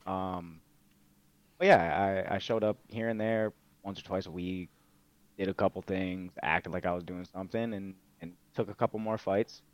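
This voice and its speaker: Laid-back cursing young man, low voice. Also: steady tone, normal speed, dry recording. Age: young adult. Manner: laid-back, swears freely, lots of fillers. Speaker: guest, MMA fighter and streamer. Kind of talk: casual interview storytelling. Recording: dull, lo-fi dry sound.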